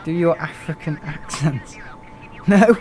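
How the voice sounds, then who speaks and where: A man's voice: fairly high pitch, slow pace, a crowd in the background. A young man, chatting casually and rambling through a live gaming stream, laughing often and poking fun at himself.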